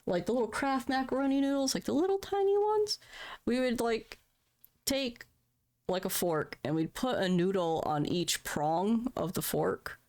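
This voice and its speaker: A woman's voice: on the high side, lively intonation, moderate pace, a little mellow. A woman live-streaming in casual chat, candid and profane, laughing at her own troubles.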